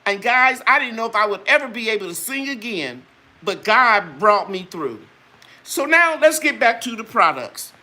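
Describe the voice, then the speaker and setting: Her voice sits on the high side and swings widely in pitch, pushed and bright at a normal speed. This older channel host gives a fervent religious testimony in her live chat, addressing viewers directly in an earnest, preachy way before moving on to her products.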